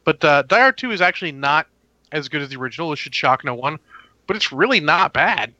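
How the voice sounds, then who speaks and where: A man's voice: fairly high pitch, animated, fairly quick, pushed and bright, no echo, dull audio. A man hosting a casual movie review chat, talking in a rambling, opinionated way. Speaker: movie review podcast host.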